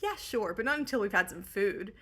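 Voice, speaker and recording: A woman's voice: medium pitch, animated, fairly quick, pushed and bright. A woman voicing a cocky, scheming male king who plays pranks, parodied in breezy modern slang.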